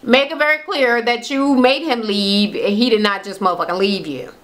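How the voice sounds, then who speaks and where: A woman's voice: fairly high pitch, moderate pace, background noise. A woman casually recapping a reality TV show, sassy, gossipy and heavily profane.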